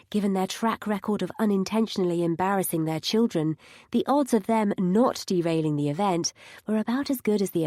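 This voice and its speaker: A woman's voice: medium pitch, warm tone, no room sound. A woman narrating a first-person audiobook with wry, dry humour.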